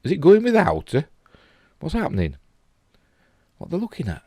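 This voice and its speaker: A man's voice: a little high, huge pitch swings, moderate pace, dark tone, no room sound, studio quality. A middle-aged man with a Yorkshire accent, rambling casually and chuckling as he comments on pictures. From England. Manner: chatty, rambling, chuckling asides. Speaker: host.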